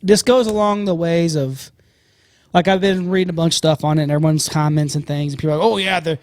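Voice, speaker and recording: A man with a fairly high voice talks bluntly on a casual podcast, rambling and swearing all the way through. The sound is dry and close, with no trace of the room. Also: fast talker, no echo. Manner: animated, profane, blunt, rambling. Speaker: podcast co-host.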